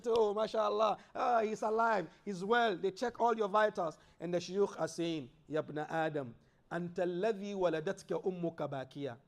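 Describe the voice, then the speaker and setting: A man's voice: high voice, moderate pace, creaky. A man giving a sermon in a mosque, preaching with rising emphasis and reciting Arabic verses. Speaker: imam.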